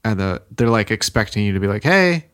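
A man's voice: on the low side, sing-song, fairly quick, a bit bright, clean tone. A man co-hosting a podcast in casual chat, telling a playful story and laughing often. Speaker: podcast co-host.

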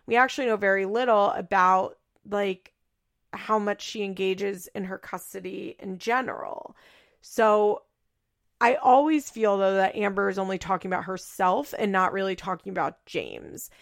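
A woman's voice: medium pitch, moderate pace, gravelly, dry recording. Woman, casual recap talk, chatty, opinionated, laughs often, dry close sound. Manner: chatty, laughing, animated quoting. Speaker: reality TV recapper.

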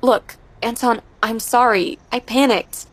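A woman's voice: on the high side, fairly even intonation, unhurried, fairly bright tone, a little hiss or hum. A woman voicing a nervous teenage girlfriend. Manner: shaky, nervous. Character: frightened teenage girlfriend on the run.

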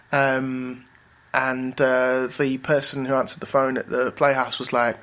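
A man, a rapper and writer, telling stories in a relaxed interview, animated and bouncy, acting out other people's voices. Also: medium pitch, measured pace. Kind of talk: casual interview storytelling.

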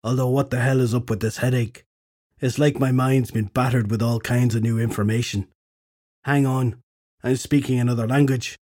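A sly male warrior from an audiobook talks in a cocky, wisecracking way, voiced by a man. The voice is dark and husky, and it sits close to the narrator's own. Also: medium pitch, steady tone, normal speed, no echo, natural voice. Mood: casual.

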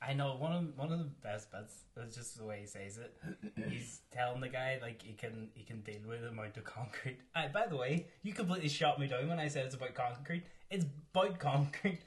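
A man's voice: medium pitch, brisk. Laid-back man chatting about films. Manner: rambling, laughs often, trails off. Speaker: podcast co-host. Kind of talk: casual film chat.

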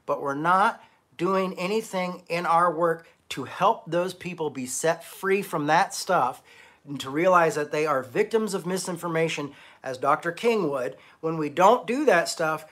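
A middle-aged man delivers a loose, conversational sermon from the pulpit of a small online church. His voice sits a little on the high side for a man, and he talks bluntly and emphatically, with casual cursing and self-deprecating humor. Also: fairly bright tone.

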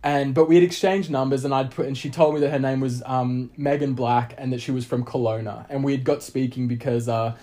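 A man's voice: mid-range voice, steady tone, a little fast, hardly any pauses, dark tone. A young Australian man telling a long story in casual chat, rambling with lots of fillers and restarts.

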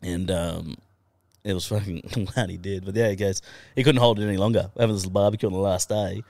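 A man's voice: sits low, fairly even intonation, fast talker, gravelly, a little mellow, no room sound. An Australian man, a podcast guest, telling his life story in a casual, profane way and laughing now and then. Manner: swears constantly, laughs through his story.

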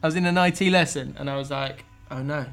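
Man, podcast host, chatty and rambling, a touch higher-pitched. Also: fairly even intonation, quick pace, creaky, a bit bright, clean tone, faint music behind. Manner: rambling, laughs while telling stories. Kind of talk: casual football chat.

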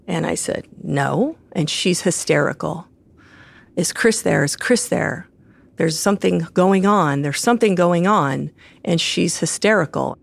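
A woman's voice: fairly low pitch, creaky. A woman telling a personal story in an interview, vividly acting out the lines she quotes.

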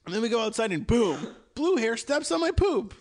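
Lively high-voiced comedic podcast host. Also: male voice, normal speed. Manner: animated, jokey, rambling with restarts. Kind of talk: comedic casual chat.

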